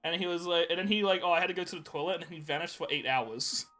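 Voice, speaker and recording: A man's voice: a little high, racing, music in the background. A young man co-hosting a podcast, telling rambling stories in casual chat and laughing often. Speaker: podcast co-host.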